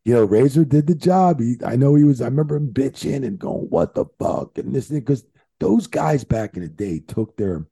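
A man, a veteran referee guest on a podcast, telling profane, animated road stories in casual chat. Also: medium pitch, a little fast, creaky, slightly rough, dry recording.

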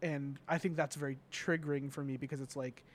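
A young man hosts a podcast in a medium-pitched voice with fairly even intonation and a brisk pace. It's a casual, emotional conversation, and he speaks hesitantly, full of ums and restarts.

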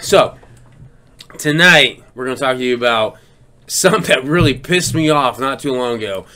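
A man's voice: mid-range voice, lively intonation, normal speed, bright, forceful tone. A man co-hosting a podcast in casual chat, telling rambling stories full of swearing. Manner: profane, rambling storyteller. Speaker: podcast co-host.

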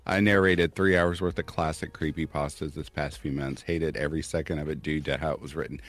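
A man's voice: a bass voice, steady tone, a little fast. A man from Kentucky who narrates stories, chatting casually on a stream and reading out comments. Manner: reads chat comments aloud, laughs often. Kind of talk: casual chat.

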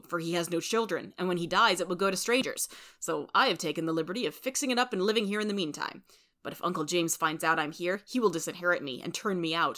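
Lady doing an earnest proud young guy in a storybook, bright voice. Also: on the low side, lightly acted. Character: young man, earnest, proud, lovesick suitor.

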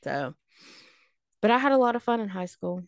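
Woman in her late thirties, gravelly voice, animated and snarky, dry close sound. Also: mid-range voice, normal speed, no room sound. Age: late 30s. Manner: animated, snarky, laughs while telling stories. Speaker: podcast co-host. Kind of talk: casual storytelling chat.

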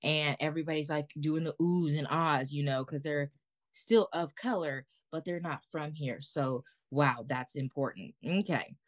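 A woman co-hosting a podcast, telling a story in a casual, animated way, slangy and swearing freely. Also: deep voice, a little slow, no room sound. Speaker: podcast co-host.

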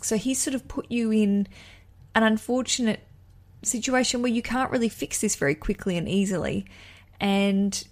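A young Australian woman hosting a wedding podcast, giving a listener chatty, enthusiastic advice with rambling asides. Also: medium pitch. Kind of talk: casual advice chat.

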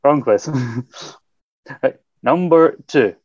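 A man's voice: medium pitch, a little fast, a little mellow, no echo. A man hosting a podcast quiz, joking with his friends as he reads out the questions. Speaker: podcast host running a quiz. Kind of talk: casual chat among friends. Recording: dull lo-fi mic, dry.

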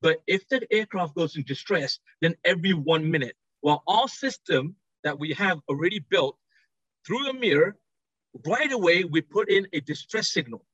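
High-voiced British man pitching on a call. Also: lively intonation, fairly bright tone, breathy edge, no room sound, lo-fi sound. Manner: enthusiastic, rapid sales pitch. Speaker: company executive. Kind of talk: interview over video call. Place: trade show floor abroad.

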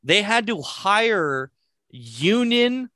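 A man's voice: high-pitched, sing-song, very slow, bright, forceful tone, dry recording, studio quality. A man chatting casually and telling a story with plenty of swearing. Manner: storytelling with profanity. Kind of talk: casual chat.

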